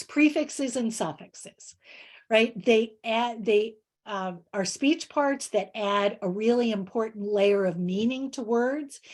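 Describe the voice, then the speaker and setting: Woman presenter for a reading webinar, slow and measured, halting delivery, walks through word examples. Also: mid-range voice. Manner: halting, many fillers and restarts.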